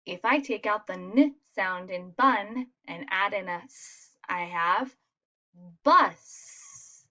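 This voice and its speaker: A woman's voice: mid-range voice, a little slow, pushed and bright. A woman teacher giving a recorded phonics lesson for children, patient and encouraging as she spells out sounds.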